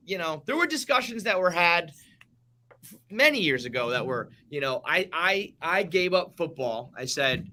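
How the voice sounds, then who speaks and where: A man's voice: on the high side, expressive, moderate pace, sharp tone. A middle-aged man hosting a casual sports podcast, joking animatedly and swearing a lot. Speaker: podcast host.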